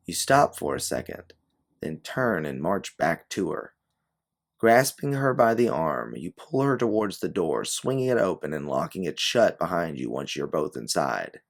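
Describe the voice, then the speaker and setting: Male audiobook narrator, very deep, gravelly, animated delivery. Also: moderate pace. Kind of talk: scripted second-person narration.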